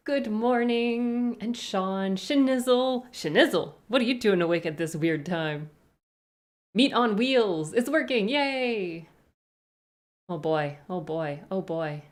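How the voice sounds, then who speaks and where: A woman streamer chatting casually on a live stream, greeting viewers one by one with rambling asides. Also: medium pitch.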